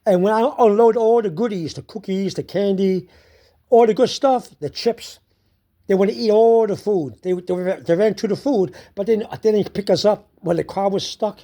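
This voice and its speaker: A person telling a story about their day in a slow, repetitive way, laughing often. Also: medium pitch, warm tone.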